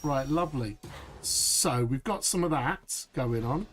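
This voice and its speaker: Man, game streamer, unhurried, chatty live commentary. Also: expressive, a bit bright, faint music behind. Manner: chatty, upbeat, says "boom" a lot.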